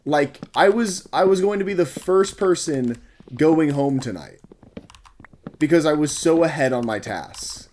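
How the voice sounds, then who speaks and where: Young guy ranting a story from work, swears a lot, fed up, mid-pitch voice, faint typing noise behind. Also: a little mellow. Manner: exasperated, profane, rambling. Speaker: store worker telling a story. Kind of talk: casual storytime.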